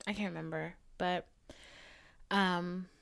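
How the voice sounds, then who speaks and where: A woman's voice: fairly low pitch, fairly even intonation, slow pace, gravelly, clean tone. A young woman in her twenties hosting a solo podcast, ranting bluntly and with exasperation, sometimes dropping into whispers and swearing. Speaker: podcast host. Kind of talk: casual solo podcast rant.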